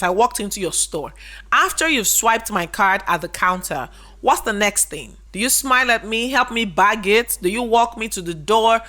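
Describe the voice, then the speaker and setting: Pushed and bright at a medium pitch, a woman business educator delivers a casual instructional talk to camera. She explains through rhetorical questions and keeps repeating key points for emphasis.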